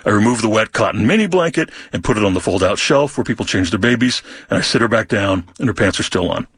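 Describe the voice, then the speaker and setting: A man narrating a personal story in the first person, candid and wry with deadpan humor. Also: on the low side, fast talker, few pauses, husky, no room sound. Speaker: memoir narrator.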